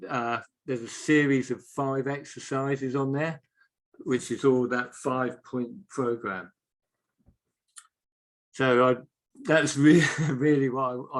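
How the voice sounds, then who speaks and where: A man in a live online chat leads a breathing exercise in a calm, unhurried voice. His voice is mid-pitched and his instructions come step by step. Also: rough recording. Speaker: qigong teacher.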